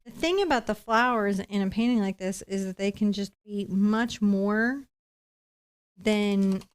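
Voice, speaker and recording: A middle-aged woman talks through a painting lesson as she works, in a steady mid-range voice. She keeps the talk light and playful, narrating every stroke in a friendly, unhurried way. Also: medium pitch, clean tone. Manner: chatty and playful, talking while painting. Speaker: painting instructor. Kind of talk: live-streamed painting lesson.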